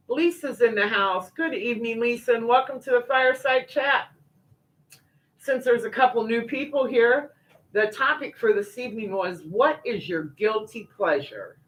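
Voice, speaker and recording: A woman's voice: a little high, measured pace, fairly bright tone, low-quality recording. An older woman, chatting casually as the host of a livestream, folksy and full of fillers and asides. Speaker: livestream host reading viewer comments. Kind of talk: casual chat.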